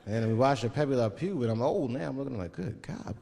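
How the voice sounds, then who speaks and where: A man's voice: medium pitch, fast talker, creaky, warm tone. A man doing a stand-up comedy set with loose, profane storytelling and act-outs. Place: stage before a live audience. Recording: live club hall with laughing crowd.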